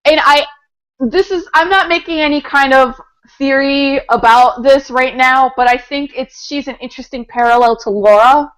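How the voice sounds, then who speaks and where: A woman's voice: high-pitched, moderate pace, fairly bright tone, clean tone, rough recording. A woman co-hosting a casual podcast, talking enthusiastically about a comic book, laughing often and filling her speech with "like" and "um". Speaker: podcast co-host.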